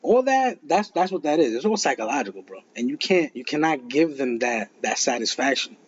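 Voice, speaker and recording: A man's voice: mid-range voice, very animated, brisk, slight background noise. Blunt man giving profane advice. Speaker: podcast co-host. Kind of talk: casual chat. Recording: dull lo-fi podcast audio.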